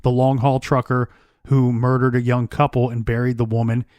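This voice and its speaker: A man co-hosting a true crime podcast, recounting the case in a measured, storytelling way. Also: medium pitch, little pitch movement, darkish tone, no room sound. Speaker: podcast co-host.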